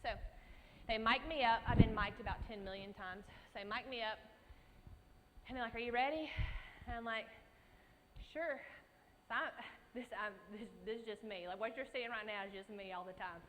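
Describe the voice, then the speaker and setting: Animated Southern woman telling stories in a hall. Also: moderate pace, long pauses. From Alabama. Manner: animated storyteller acting out her own reactions with big jumps in pitch. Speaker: conference speaker. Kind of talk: storytelling keynote talk. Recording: speech in a large hall with faint background noise.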